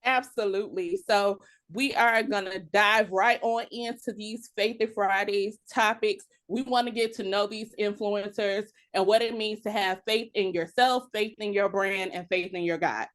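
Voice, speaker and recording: A woman's voice: mid-range voice, steady tone, moderate pace, few pauses, a bit bright. A woman hosting an interview show, talking in a bubbly, hyped, enthusiastic way. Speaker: host.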